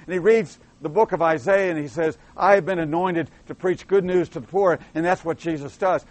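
A man with a notably high voice delivers a sermon. He acts out the lines of prophets and people asking them questions, swelling to loud, forceful emphasis and then falling back to a low, quiet tone. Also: dry recording. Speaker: preacher.

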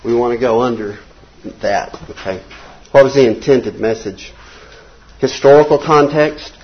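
An older man, teaching a casual Bible class in a small church classroom, folksy and conversational, reading quotes slowly. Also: mid-range voice, dull audio, a little hiss or hum.

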